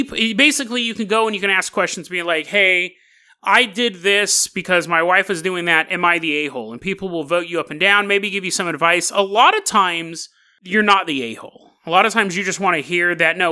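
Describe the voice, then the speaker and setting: A man's voice: high-pitched, sharp tone. A man hosting a podcast, telling a strange story in a casual, wry way and laughing at his own asides. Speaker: podcast host.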